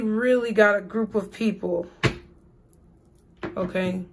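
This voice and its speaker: Woman doing a tarot reading, real slow and unhurried, repeats herself a lot, mid pitch. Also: fairly even intonation, slight background noise. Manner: slow, repetitive, spiritual phrasing. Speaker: tarot reader.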